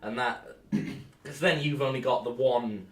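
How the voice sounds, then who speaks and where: A young man co-hosting a casual podcast about tabletop games, animated and quick to act out his examples. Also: medium pitch. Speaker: podcast co-host and tabletop player. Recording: echoey room, far from the mic.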